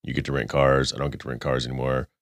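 Male car-podcast host, very low, congested and nasal, rambling reads, dry booth. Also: little pitch movement, fast, no echo. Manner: rambling, self-correcting, reading stats then riffing. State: stuffed up, congested. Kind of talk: casual car news chat.

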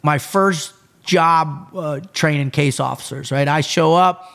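A man who is a podcast guest, telling stories in casual chat in a blunt, animated way. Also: a little high, takes it slowly, vocal fry.

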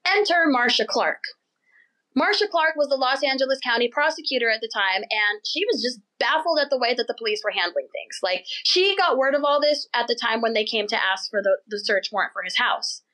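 A young woman hosting a podcast, telling a story in an animated, chatty way and laughing as she goes. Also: on the high side, rough recording. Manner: chatty, animated, laughs while telling, does quick mocking voices for people in the story. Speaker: podcast host. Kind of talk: casual storytelling chat.

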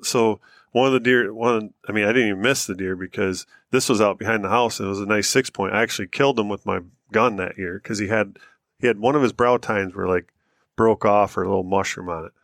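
Laid-back low-voiced American man. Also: steady tone, fairly quick, fairly bright tone, no echo, studio quality. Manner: laid-back, easygoing storytelling. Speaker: podcast co-host. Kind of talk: casual chat.

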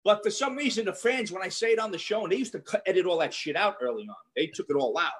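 A man with a thick Brooklyn Italian accent, speaking a little higher than most men. He talks bluntly and swears freely, spinning stories in easy, casual conversation. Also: lively intonation, fast, fairly bright tone. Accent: Brooklyn Italian New York. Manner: blunt, profane, storytelling. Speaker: guest, former police detective. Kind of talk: casual chat.

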